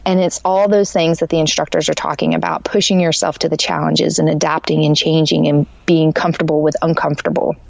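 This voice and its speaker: A woman's voice: sits low, little pitch movement, a little fast, vocal fry, hardly any pauses, no echo, muffled recording. A woman guest in a casual interview, rambling earnestly and saying "like" often. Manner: rambling and earnest, heavy use of "like".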